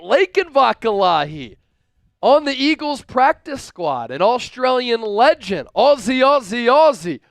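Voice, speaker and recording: A man hosting a live-stream sports talk show from a studio, energetic and hyping up his viewers. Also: high voice, smooth, dry recording. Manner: energetic, hypes up viewers with shout-outs.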